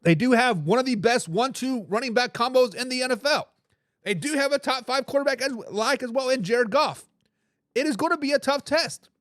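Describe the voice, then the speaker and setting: A man's voice: very high-pitched, brisk, dry recording, clean studio sound. A man hosting a live sports talk stream, arguing his picks with lots of energy and reading out viewer comments. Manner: animated, hype phrases, frequent restarts. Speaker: sports talk show host.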